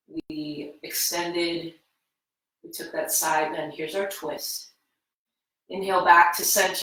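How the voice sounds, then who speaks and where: Woman, yoga teacher, slow soothing cues, lowish voice, distant mic in echoey room. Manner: slow, calm, soothing guidance. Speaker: yoga instructor. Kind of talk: guided yoga class. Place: home room.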